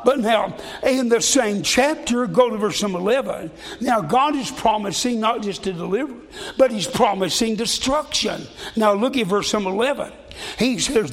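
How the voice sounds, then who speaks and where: A man with a notably high voice preaches a sermon, reading scripture aloud. His talk is folksy, circling back and repeating words as he goes. His voice rings out with a long reverb, as in a large hall. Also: lively intonation, normal speed.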